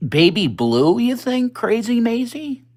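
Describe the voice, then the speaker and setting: A man hosting a casual livestream, chatting with viewers and reading comments in a blunt, profane, rambling way. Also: takes it slowly. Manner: blunt, profane, chatty, swings up in pitch when excited. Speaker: livestream host. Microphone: phone.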